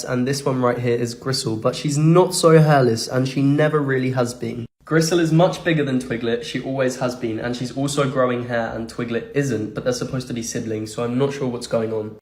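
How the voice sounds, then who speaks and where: A man talking in a casual, excitable vlog style, filming himself on a phone at home and out at a farm. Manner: chatty and excitable, coos high at animals. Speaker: vlogger.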